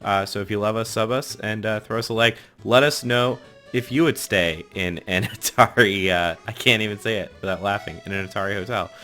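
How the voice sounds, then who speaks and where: A man's voice: lowish voice, steady tone, quick pace, pushed and bright, soft background music. A man hosting a casual group chat, joking and laughing mid-sentence. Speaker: podcast host.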